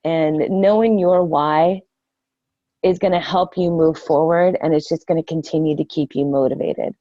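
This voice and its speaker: An older woman talks through a sales training session in a casual, earnest way, full of ums and restarts. Her voice sits low and mellow. The recording is dry and dull, with little room sound. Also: steady tone, moderate pace, no echo. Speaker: network marketing trainer.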